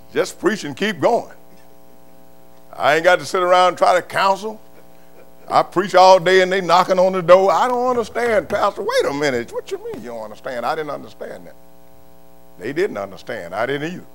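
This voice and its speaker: Older male preacher, high impassioned voice. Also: sing-song, normal speed, long pauses. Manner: impassioned, swings from low murmurs to shouts. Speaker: pastor. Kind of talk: sermon.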